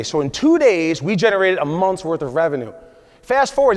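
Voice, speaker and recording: A man in his forties giving an emphatic motivational keynote at a conference, often checking in with the audience with "right?". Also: high-pitched. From USA. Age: 40s. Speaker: conference speaker. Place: large conference hall. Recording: long hall reverb.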